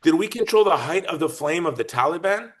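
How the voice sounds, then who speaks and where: A man talking as a podcast guest in an emphatic, argumentative way. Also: a little high. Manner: emphatic, argumentative, lively and fast-shifting. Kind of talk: animated political talk.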